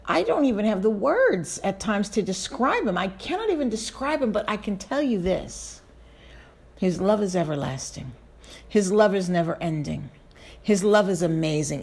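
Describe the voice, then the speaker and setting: Middle-aged woman preacher, low-ish voice, heartfelt and emphatic devotional sermon delivery. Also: lively intonation, darkish tone, breathy edge. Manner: emotional, emphatic, slows down on key phrases.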